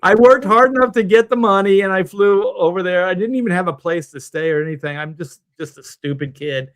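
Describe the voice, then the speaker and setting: A middle-aged man tells a rambling personal story on a video call. His voice sits a bit high for a man. He drops into quick impressions of the people in his tale. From Southern California. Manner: animated anecdote teller, acts out quoted voices. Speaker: comic book artist guest on a panel stream.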